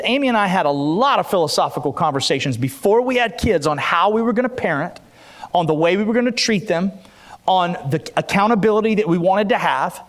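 A high-voiced male pastor in his forties, preaching with lively, animated energy. He swings between quiet personal storytelling and fired-up calls to the congregation. He sounds conversational and eager. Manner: animated, storytelling, urging the crowd. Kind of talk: sermon.

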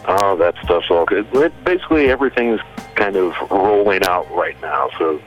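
A man's voice: low voice, lively intonation, normal speed, highs cut off, faint music behind. A man being interviewed as a musician guest, laid-back and joking, laughing easily. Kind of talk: casual interview.

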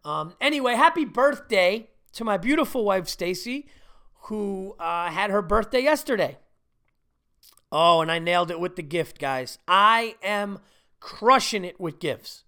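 A man's voice: high-pitched, expressive, measured pace, pushed and bright, clean tone. A middle-aged man hosting a podcast, telling profane, self-mocking stories in a rambling casual monologue. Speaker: podcast host.

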